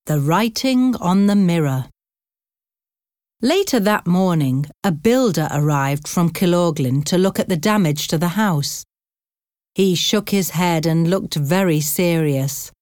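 A woman narrating an audiobook in a slow, clear reading style. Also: fairly low pitch, expressive, darkish tone, no echo, clean studio sound.

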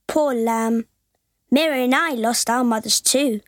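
A man voicing a soft, wistful young boy in a storybook reading. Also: very high-pitched, unhurried, dry recording, clean studio sound, pitched above the performer's own voice.

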